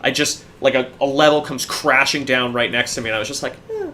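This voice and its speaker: A man's voice: medium pitch, steady tone, fast talker, pushed and bright, slight background noise. A man co-hosting a podcast, chatting casually and telling laid-back stories, swearing now and then. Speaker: podcast co-host. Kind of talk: casual chat.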